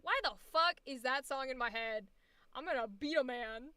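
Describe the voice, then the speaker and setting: Bright, high-pitched chatty woman streamer. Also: smooth, no room sound. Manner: chatty, swears freely, quick laughs. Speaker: voice actor streaming a coaching session. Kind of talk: casual live-stream chat. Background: faint background music.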